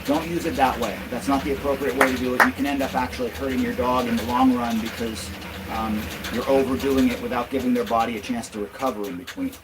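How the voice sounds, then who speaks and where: A man's voice: mid-range voice, fairly even intonation, fast. A man running a casual livestream from a van while exercising a dog, explaining things plainly to viewers and cooing praise to the dog in between. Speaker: dog exercise business owner. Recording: distant mic with loud background noise.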